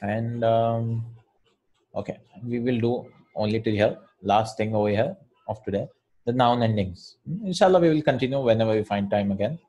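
A man's voice: medium pitch, moderate pace, mellow, lo-fi sound. A man teaching an Arabic grammar lesson in English, informal, repeating words and often checking with "right?". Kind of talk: casual online lesson.

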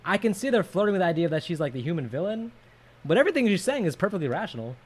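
A man's voice: high-pitched, big pitch swings, racing, slightly rough. Chatty man reviewing a horror film. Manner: chatty, jokey, trails off with fillers. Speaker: podcast co-host. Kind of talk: casual movie discussion.

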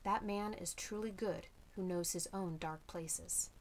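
A fearless young warrior hero speaks in slow, weighty, measured words, as a woman reading a storybook puts him on. The voice sits fairly low, with a faint hiss of noise under it. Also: close to an everyday voice, low-quality recording. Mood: defiant. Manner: slow, emphatic, incantatory delivery.

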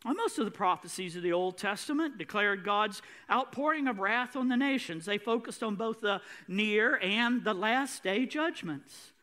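A man's voice: high-pitched, expressive, normal speed, hardly any pauses, pushed and bright. A male pastor preaching a sermon with an emphatic, repetitive cadence.

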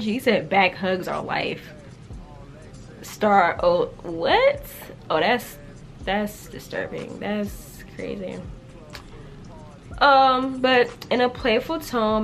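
A young woman casually reacting to and reading her old writing aloud, animated and slangy, with frequent laughter in her delivery. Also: mid-range voice, slow, pauses often. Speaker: YouTuber.

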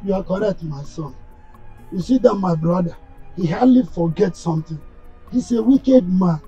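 Mellow high voice, nigerian accent, a man playing a stern fatherly elder, faint music. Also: dull audio, close to an everyday voice. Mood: consoling. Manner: stern, deliberate, religious reassurance. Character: firm, protective elder brother and father.

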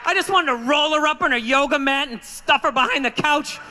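High, bright-voiced ranting stand-up man. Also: brisk, a little hiss or hum. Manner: profane, ranting, acts out quotes. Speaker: stand-up comedian. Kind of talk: stand-up set. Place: comedy club stage, live audience.

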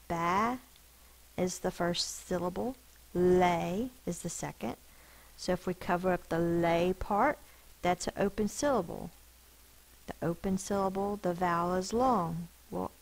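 Captured on a low-quality recording, a woman with a voice on the low side teaches spelling, patiently and carefully sounding out each word slowly and explaining the rules behind its sounds.

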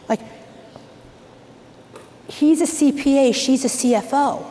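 An energetic woman speaks from a stage to a seated crowd, coaching in a direct, anecdotal way. Her voice carries a long reverb from the large hall, with a faint hum of ambience underneath. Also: sits high, slow pace, pauses often. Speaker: real estate coach speaker. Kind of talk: stage talk to a live audience. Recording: echoey hall, faint background noise.

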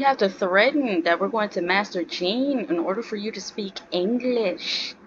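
A woman's voice: medium pitch, normal speed, few pauses, background noise. A woman doing reaction commentary over a game, exasperated and rambling as she talks back to it. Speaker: gaming streamer. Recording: dull lo-fi mic with game music.

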